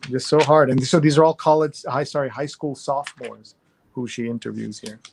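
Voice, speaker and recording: A man's voice: medium pitch, brisk, creaky, a little mellow, slight background noise. A man hosting a live online readalong, chatting casually and skimming headlines aloud over a video call. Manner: conversational, skims headlines aloud with fillers. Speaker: host.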